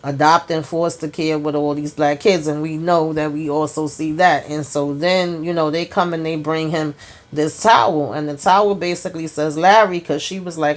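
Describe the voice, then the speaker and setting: A woman giving a sassy, animated recap of a TV episode, talking straight to her viewers. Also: deep voice, moderate pace. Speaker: TV episode reviewer. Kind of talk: casual recap monologue.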